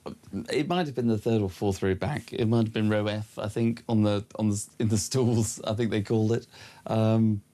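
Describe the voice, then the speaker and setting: A man co-presenting on talk radio, speaking in a measured, hesitant way with frequent pauses and restarts. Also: fairly low pitch, fairly even intonation, mellow. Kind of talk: studio radio chat.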